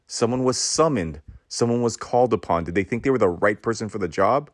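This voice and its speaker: A man who is a podcast host, delivering a preachy motivational monologue in a sermon-like cadence, with dramatic pauses, repeated phrases and stammering restarts. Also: lowish voice, dry recording, studio quality.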